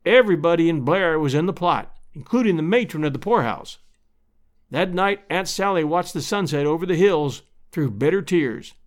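A man's voice: fairly high pitch, animated, moderate pace. A man reading an old-fashioned story aloud as narrator. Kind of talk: audiobook narration.

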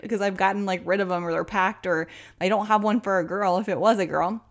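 A woman's voice: medium pitch, fairly quick. A woman in her thirties, a podcast host, telling a personal story to her listeners in a chatty way, laughing often. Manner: chatty, laughing, animated when quoting others.

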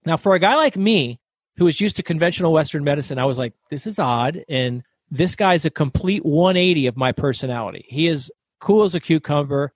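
A middle-aged man telling stories as a guest author in an interview, talking fast and loud. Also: fairly high pitch, breathy edge, no echo. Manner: fast, loud, animated storyteller. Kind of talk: storytelling interview.

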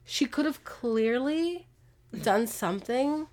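A woman hosting a podcast, casually retelling a true-crime case with animated, exasperated asides. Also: on the high side, takes it slowly. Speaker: podcast host.

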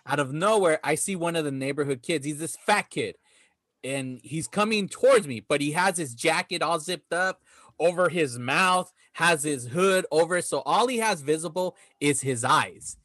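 A man's voice: a little high, lively intonation, normal speed, a bit bright, dry recording, studio quality. A man hosting a podcast, telling stories in casual chat, laughing often and swearing freely. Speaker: podcast host.

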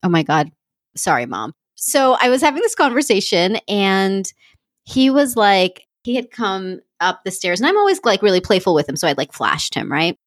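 Playful, expressive woman, dry close sound. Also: medium pitch, moderate pace, dry recording. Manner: playful and expressive, acts out dialogue. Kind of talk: candid casual chat.

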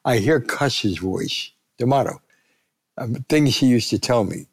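A man's voice: mid-range voice, animated, a little slow. An older man, a retired sports columnist, telling anecdotes as a guest and acting out the voices he quotes. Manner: gravelly, acts out quoted voices.

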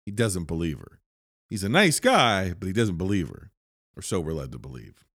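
A man with a fairly low voice talks through a horror film's story in a loose, rambling way. He fills his sentences with "like" and restarts. The sound is dry and close, with no room echo. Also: sing-song, normal speed, a bit bright. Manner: rambling, filler-heavy, lots of "like". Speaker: film reviewer. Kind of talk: casual movie recap.

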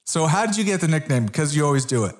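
A man's voice: on the high side, very animated, racing. A man hosting a casual interview, friendly, with enthusiastic reactions. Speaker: host.

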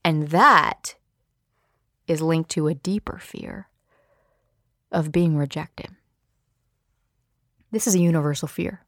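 Woman doing a solo podcast, kinda low voice, super dry close sound, candid and chatty. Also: slow, long pauses, no echo. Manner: candid, expressive, playful asides. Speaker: podcast host.

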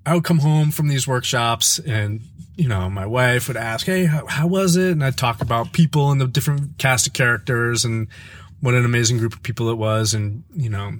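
A man chatting as a podcast guest, telling personal stories in a casual, animated way that sometimes halts and restarts. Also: dry recording. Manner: animated, playful, jumps into high voices mimicking his kids; halting, with frequent restarts when reflective. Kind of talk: casual conversational storytelling.

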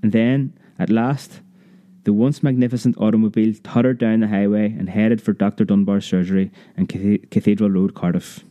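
A man narrating a memoir audiobook in a measured, vivid storytelling manner. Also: lowish voice, steady tone, warm tone, dry recording, highs cut off.

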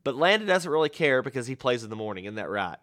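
A man's voice: medium pitch, very animated, fast, fairly bright tone. A man hosting a podcast, rambling and joking in casual banter, often cutting himself off mid-sentence. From Texas. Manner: joking, rambling, self-interrupting. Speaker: podcast host.

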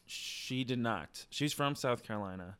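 A man's voice: medium pitch, a bit bright, smooth. A man who is a comedian guest on a podcast, talking casually and laughing at himself. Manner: laughing, self-conscious, quick asides.

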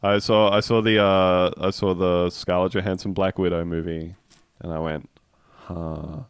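A man's voice: deep voice, flat delivery, normal speed, smooth, no echo. A man hosting a podcast in wry, jokey casual chat. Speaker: podcast host.

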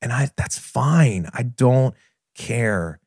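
A middle-aged man hosting a podcast, candidly retelling a personal story in an earnest, animated way. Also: medium pitch, slow pace, slightly rough, no echo, clean studio sound. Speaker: podcast host and business trainer.

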